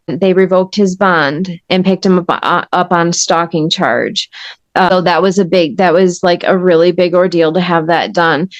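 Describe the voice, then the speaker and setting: A woman's voice: fairly low pitch, dry recording, dull audio. A woman guest telling her story in an interview, earnest and emphatic in a conversational way. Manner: earnest, emphatic, intense retelling. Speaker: podcast guest.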